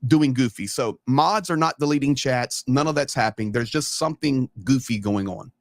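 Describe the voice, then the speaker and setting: A man's voice: medium pitch, normal speed, no room sound, studio quality. A man talking in a casual live stream, earnest and emphatic, often repeating words to stress a point. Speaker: live stream guest commentator.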